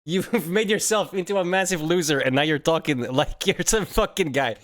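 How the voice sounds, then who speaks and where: A man's voice: a little high, normal speed. Mocking young man reacting to clips. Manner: mocking, laughs often, swears. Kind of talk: casual reaction commentary.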